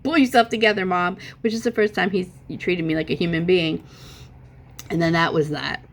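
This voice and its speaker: A middle-aged woman telling a long, profane story in a casual, animated way, her voice jumping up when she stresses a point. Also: fairly low pitch, moderate pace, creaky. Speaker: vlogger.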